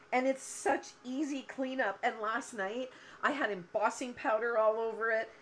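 With a fairly high voice and slight background noise, a woman hosts a cardmaking livestream from her home craft room. She keeps up a chatty stream of long stories as she works, often breaking into laughter.

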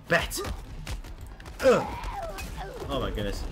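A man commentating a game he is playing, excitable and often laughing while he talks to the characters on screen. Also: medium pitch, moderate pace, pauses often, music in the background. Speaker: gameplay commentator. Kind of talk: let's play commentary.

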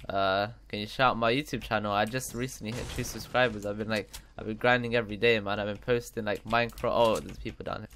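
Fast-talking young man on a headset. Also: lowish voice, fairly even intonation, a bit bright, a little hiss or hum. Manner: fast-talking, mock-naive, teasing. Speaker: YouTuber trolling a hired player. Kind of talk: casual gaming banter. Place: home bedroom.

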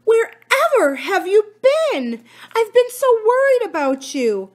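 A woman reading aloud, voicing an anxious, frail aunt who nearly faints, in a high, drawn-out, shrill voice. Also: big pitch swings, heavily acted. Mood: alarmed.

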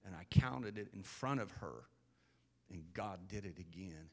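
A man in his fifties, a pastor telling a personal story in a sermon, then building to loud, earnest preaching. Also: low voice, animated, unhurried.

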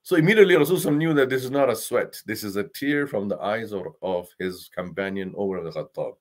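Man preaching, swinging loud to hushed. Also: on the low side. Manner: recites Arabic verses quickly. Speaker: imam. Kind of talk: sermon on Quran verses.

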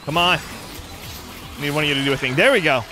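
A young man hosting a let's play, goofy and excitable, joking and yelping at the game. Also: on the high side, fast. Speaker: gaming channel host. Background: game music.

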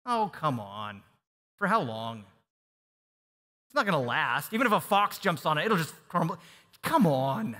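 A man's voice: fairly high pitch, sing-song, a little slow, long pauses, bright, forceful tone, heavily acted. A man voicing a sneering male enemy who mocks a believer dismissively, in a big echoing hall. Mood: taunting. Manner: mocking, dismissive. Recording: long hall reverb.

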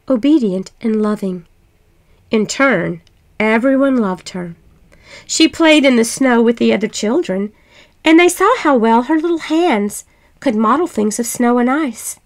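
A woman reads an old fairy tale aloud for listeners. Her reading is gentle and expressive. Her high voice swings widely, and she takes her time. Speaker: storyteller.

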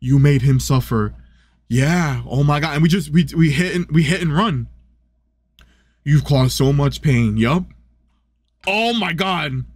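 A young man hosting a let's play, excitable and chatty, cooing and gasping at the game. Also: a little high, a little slow, pauses often, dry recording. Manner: excitable, coos and gasps, chatty asides. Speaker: gaming channel host.

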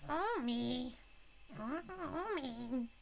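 A woman doing an impression of a cartoon housewife, giving her a raspy, drawn-out voice. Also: high voice, lively intonation, a little hiss or hum, full character voice. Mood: mildly chiding. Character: raspy cartoon housewife, middle-aged woman, gently disapproving.

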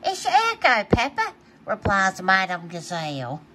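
A woman reading a children's picture book aloud, playful and animated, laughing often between pages. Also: medium pitch, measured pace, noisy background. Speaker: storybook reader.

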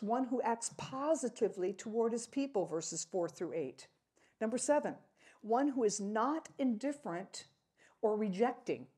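Woman teaching bible class, slow and careful, kinda husky breathy voice, repeats stuff for emphasis. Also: a little high, warm tone. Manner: slow, deliberate, repeats key phrases; laughs at her own slips.

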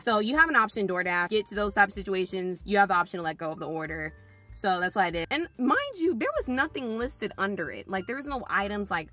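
A young woman tells her delivery-driver stories in a relaxed vlog style. Her voice is bright and crisp, and she slips into little voices for the people she quotes. Soft music plays faintly underneath. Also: mid-range voice, fast. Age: young adult. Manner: animated, acts out quotes with shifting voices. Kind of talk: casual storytime.

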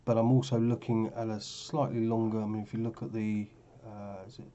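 A forex trading vlogger, sounding tired, casually walks through his charts on a screen share, rambling and correcting himself along the way. His voice is lowish, level, fairly quick and warm, and the recording is muffled.

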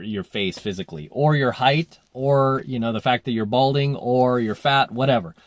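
A man's voice: on the low side, no echo. A man coaching dating, telling a story in a casual monologue, full of fillers, and acting out the voices he quotes.

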